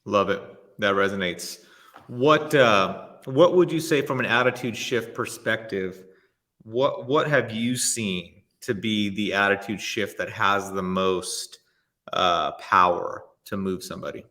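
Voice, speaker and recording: A man's voice: on the low side, measured pace, sharp tone. A man hosting a podcast, asking thoughtful, slightly hesitant interview questions. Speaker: podcast host.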